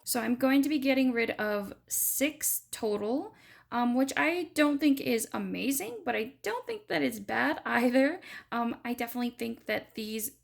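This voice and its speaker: A woman's voice: fairly high pitch, expressive, moderate pace, vocal fry. A woman giving a chatty, enthusiastic beauty product review in a casual vlog. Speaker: beauty vlogger.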